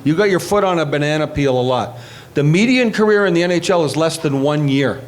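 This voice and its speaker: Middle-aged former player, slightly high voice, animated anecdotal interview delivery. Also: male voice, brisk. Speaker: retired hockey player telling stories. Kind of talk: storytelling interview.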